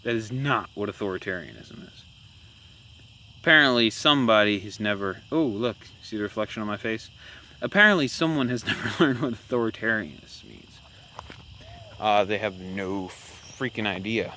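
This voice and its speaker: Out in rural country as dusk falls, a man walks with a handheld camera and delivers loose, sarcastic political commentary, stumbling through fillers and restarts. He speaks at normal speed in a low, bright, forceful voice, with a slight hiss or hum underneath.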